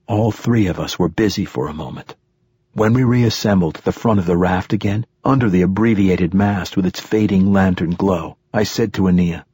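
A man narrates a novel in the first person with a steady, low-key delivery. His voice sits very low and sounds husky, and the recording is dry and close. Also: normal speed, no room sound. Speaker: audiobook narrator.

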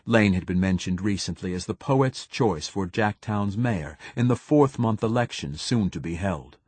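An audiobook narrator reads a novel aloud in a measured, even storytelling manner. His voice is lowish and slightly rough, and the scripted narration has no room sound.

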